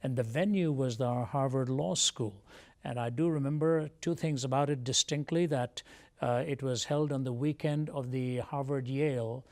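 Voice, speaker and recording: A man as an interview guest, telling a personal testimony in a measured, reflective way. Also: medium pitch, darkish tone. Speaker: guest speaker.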